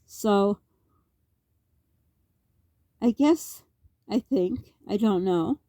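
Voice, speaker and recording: Very slow yet expressive, the woman's mid-range voice has a warm tone on a dry recording. She's a middle-aged Canadian vlogger delivering a rambling, heated monologue straight to camera, heavy on rhetorical questions.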